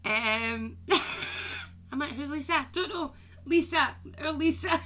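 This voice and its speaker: Bright-voiced woman chatting on a live stream. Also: high voice, slow, slight background noise. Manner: chatty, affectionate, calls viewers "my darling". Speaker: medium hosting a live stream. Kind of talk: casual live-stream chat with viewers.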